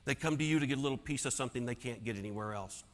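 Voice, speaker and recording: A man telling a personal story as a keynote speaker, dramatic and swinging from hushed to loud. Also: mid-range voice, rapid-fire. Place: large conference hall. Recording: long hall reverb.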